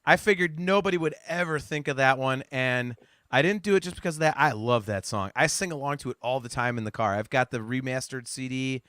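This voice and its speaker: A man hosting a casual podcast chat, animated and teasing, often laughing. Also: medium pitch, a little fast, no room sound, studio quality. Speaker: podcast host.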